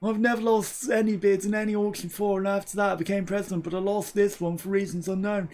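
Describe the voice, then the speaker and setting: A man's voice: high voice, level tone, quick pace, darkish tone, pitched above the performer's own voice, close to an everyday voice. A man voicing a boastful male president who grumbles about losing an online auction, in a pompous, aggrieved tone. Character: boastful male president reading his own tweet.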